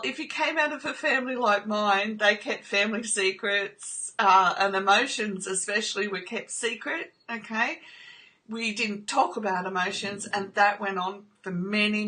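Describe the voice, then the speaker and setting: A woman's voice: medium pitch, sharp tone. A woman speaking earnestly about trauma recovery, often checking in with "okay?" and growing emotional during personal stories. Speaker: trauma recovery video host. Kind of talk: personal talk to camera.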